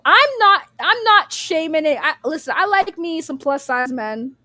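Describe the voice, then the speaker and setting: A woman's voice: high voice, lively intonation, normal speed, sharp tone, no room sound, clean studio sound. A young woman, rambling bluntly in casual livestream commentary, laughing often and swearing freely.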